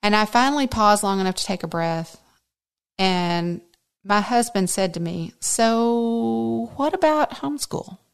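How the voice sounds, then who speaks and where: A woman in her fifties hosts a podcast, speaking at medium pitch and normal speed in a smooth voice. She tells a personal story in an earnest, faith-centered way. As a lively storyteller, she acts out the things people said.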